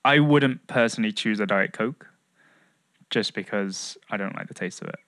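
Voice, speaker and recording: A man's voice: fairly low pitch, a bit bright, dry recording, studio quality. A man, co-hosting a podcast in easygoing casual chat and leading the segment. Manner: easygoing, leads the segment with quick agreements. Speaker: podcast co-host.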